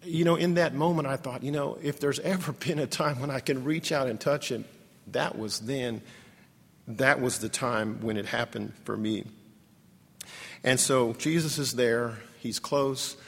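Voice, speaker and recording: Male speaker, sermon storytelling; husky, fry-heavy voice; long hall reverb. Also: medium pitch. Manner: emotional, halting storytelling with repeated restarts. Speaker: ministry leader telling a story.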